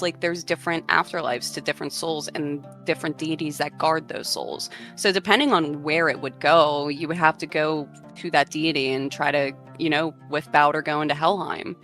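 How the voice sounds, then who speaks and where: A woman's voice: sits low, moderate pace, fairly bright tone, soft background music. A woman co-hosting a podcast, casually retelling old myths in a chatty way, full of fillers. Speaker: podcast co-host. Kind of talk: casual storytelling chat.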